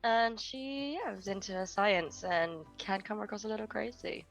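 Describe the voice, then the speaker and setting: A woman's voice: medium pitch, normal speed, gravelly, lo-fi sound, soft background music. A woman player in a tabletop role-playing game, describing her character in a chatty, joking way.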